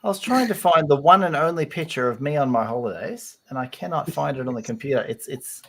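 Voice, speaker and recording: A man chatting on a video call, rambling about his setup as he works on it. His voice sits a little high and moves around a lot, with a faint hiss behind it. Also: lively intonation, fast talker, creaky. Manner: chatty, fiddles with his setup while talking. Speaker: guest on stream. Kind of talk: casual live-stream chat.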